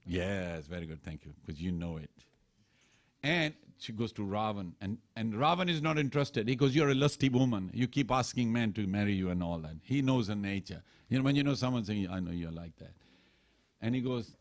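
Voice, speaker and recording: A temple speaker with a fairly low, gravelly voice preaches at a moderate pace in the temple hall. His sermon tells scripture stories, and he voices the characters' lines himself.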